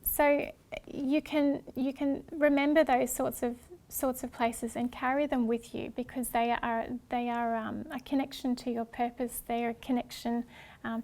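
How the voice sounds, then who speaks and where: A woman presenting a workshop talk in a gentle, hesitant way, with many ums and restarts. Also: high voice. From Australia.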